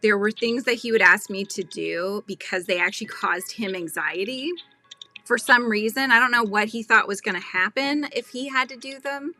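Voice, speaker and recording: A woman's voice: a little high, normal speed, pushed and bright, faint music behind. A woman in her thirties chatting casually with her live chat while she crochets at home, laughing often. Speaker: crochet channel host.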